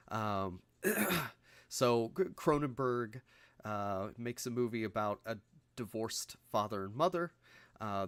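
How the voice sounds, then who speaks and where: Low-voiced man chatting about films. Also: a bit bright, no echo. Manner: rambling with frequent fillers and restarts, laughs through his points. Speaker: podcast co-host. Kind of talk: casual film discussion.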